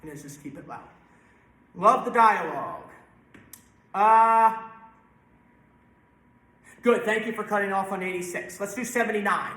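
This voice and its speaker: A man conducting a string rehearsal, coaching briskly and singing parts with nonsense syllables. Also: sits high, bright, forceful tone, faint music behind. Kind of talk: rehearsal instruction. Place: church sanctuary. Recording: roomy church echo with instruments.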